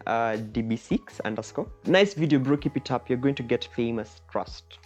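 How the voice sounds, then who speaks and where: A woman hosting a playful cooking vlog, goofy and exaggerated, with sudden loud outbursts. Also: sits low, expressive, moderate pace, few pauses, faint music behind. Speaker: cooking vlogger.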